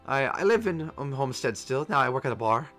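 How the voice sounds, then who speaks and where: A man puts on a jumpy old sea dog who trips over his words and keeps breaking into frightened outbursts, pitched a touch above an everyday man's voice. Background music sits faintly under him. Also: lively intonation, brisk, fairly bright tone, natural voice. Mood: rattled. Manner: stammering, rising to panicked outbursts. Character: shaken old male fisherman, haunted and jumpy.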